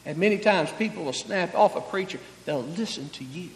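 High-voiced preacher in a reverberant hall. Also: male voice, expressive, brisk. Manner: preaching with swelling emphasis, then dropping to soft intimate tones. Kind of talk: sermon.

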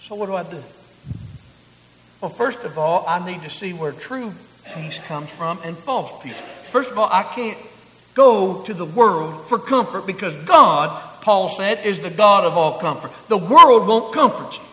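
A man preaching a sermon, swinging from hushed, quiet passages to loud, emphatic declarations. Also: sits high, expressive, measured pace. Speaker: pastor. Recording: echoey hall.

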